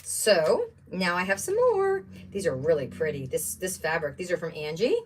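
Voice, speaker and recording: Livestream craft host, a woman with an animated, gushing delivery, miked from a short distance. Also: on the low side, moderate pace, a little hiss or hum. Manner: chatty, gushing, exclaims over each item. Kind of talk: casual livestream chat while unboxing craft supplies. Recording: voice somewhat distant from the mic.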